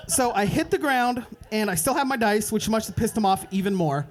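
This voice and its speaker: A young man doing a stand-up set at an open mic night, telling a rambling story and dropping into quick voices for the people in it. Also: sits high, animated. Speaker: stand-up comedian. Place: open mic comedy club.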